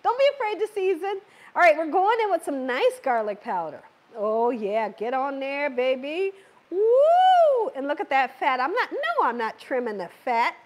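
With a high pitch and lively intonation at normal speed, a cooking show host runs a live stream through a worn microphone-worn voice? No—she wears a mic, her voice a little worn, chatting, laughing often, and reading comments from viewers aloud.

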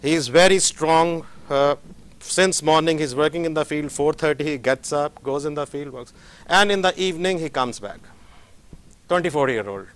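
A man's voice: on the high side, normal speed. A middle-aged man, a professor giving a motivational lecture and acting out little dialogues as he tells stories. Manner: animated storytelling, acting out dialogues.

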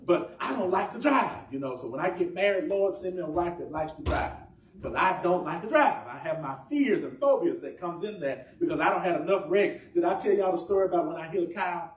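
A man's voice: high-pitched, expressive, fairly quick, reverberant, far from the mic, slight background noise. A man preaching a sermon in a conversational, humorous way, asking the congregation questions. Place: church.

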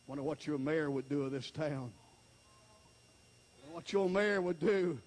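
A male evangelist preaching a fiery revival sermon, shouting and then dropping to a hush. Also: a little high, a little slow, long pauses. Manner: shouting, jumps between loud and hushed delivery.

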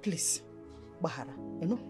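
A woman's voice: low voice, sing-song, moderate pace, music in the background. An actress playing a mother who pleads for forgiveness on behalf of her son, with a Nigerian accent and a coaxing, pleading way of talking. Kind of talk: Nollywood film acting.

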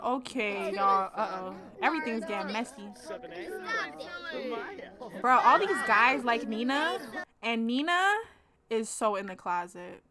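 A woman's voice: fairly high pitch, lively intonation, measured pace, pauses often, crowd noise. A woman in her twenties giving playful, slangy, profane let's-play commentary as a channel host.

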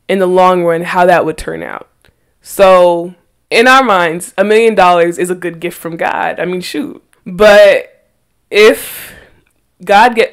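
A woman's voice: on the low side, clean tone. A woman hosting a faith podcast, earnestly reading Bible verses aloud and pressing her points with emphatic rhetorical questions. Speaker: podcast host.

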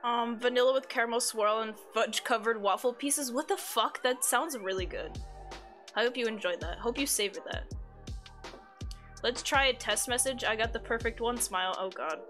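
A woman live streamer chats casually, reading her chat out loud, swearing freely, and giggling a lot. Her voice is on the high side and fairly bright, at a moderate pace, with faint music in the background.

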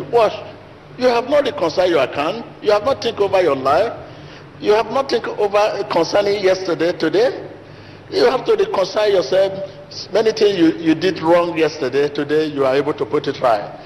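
A man delivering an emphatic, repetitive sermon as a pastor in a large church hall. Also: normal speed. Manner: repetitive emphatic preaching, rising to high pitch. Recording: long hall reverb, faint noise.

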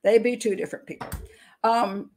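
A woman's voice: fairly high pitch, fairly even intonation, normal speed, a little mellow. Frank older woman giving opinionated commentary. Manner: opinionated, frank, talks through restarts; laughs between points. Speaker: criminal profiler, channel host. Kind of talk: casual commentary monologue.

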